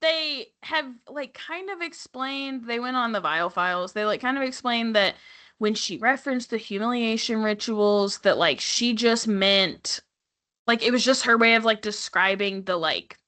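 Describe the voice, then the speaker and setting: High bright lady on a podcast, snarky and swearing a lot while she recaps a show. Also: moderate pace. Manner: sarcastic, profane, laughing asides. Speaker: podcast co-host. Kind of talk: casual recap chat.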